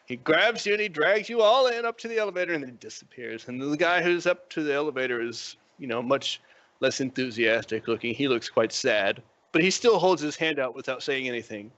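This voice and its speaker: A man narrating as dungeon master for a tabletop game, telling it in an animated way with frequent chuckles. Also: medium pitch, a little fast, no room sound, lo-fi sound.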